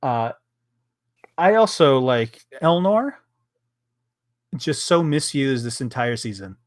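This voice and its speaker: A young man co-hosts a casual review chat, ranting, swearing and acting out lines in quick bursts. His pitch sits in the middle of the male range. The recording is dry and close, with no room sound. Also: big pitch swings, no room sound. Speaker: podcast co-host.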